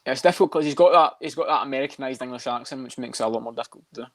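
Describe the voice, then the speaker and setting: A young Scottish man with a medium-pitched voice co-hosts a casual podcast, speaking in a Scottish accent. He's quick and chatty and swears constantly, and the recording has no room sound.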